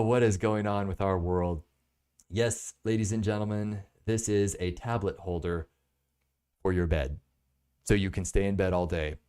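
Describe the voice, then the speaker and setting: A man's voice: lowish voice, a little mellow. A man hosting a live broadcast as a product reviewer, chatting casually and laughing at his own jokes. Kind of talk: casual live-stream chat.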